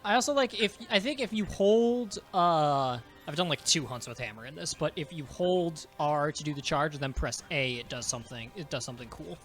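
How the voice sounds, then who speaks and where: A man's voice: a little high, normal speed, few pauses, a bit bright, faint music behind. A young man chatting casually while playing a video game, swearing often and teasing his friends. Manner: swears a lot, jokey and teasing.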